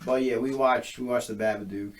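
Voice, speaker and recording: A man's voice: mid-range voice, fairly even intonation, fairly quick, crowd noise. A man in his twenties co-hosting a podcast, chatting casually and telling rambling, laid-back stories. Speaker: podcast co-host. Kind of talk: casual chat.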